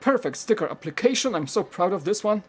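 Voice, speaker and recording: A man's voice: high-pitched, fast, slightly rough. A man from Poland with a Polish accent, chatting casually and rambling while he hosts a live building stream and answers viewers' questions. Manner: rambling, relaxed, many "like" fillers, answering chat questions. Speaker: live-stream host building a toy set.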